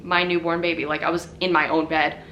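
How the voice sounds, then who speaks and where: A woman's voice: low-pitched, little pitch movement, a little fast, fairly bright tone, lo-fi sound, a little hiss or hum. A young woman telling her own story in a chatty, casual way, full of fillers.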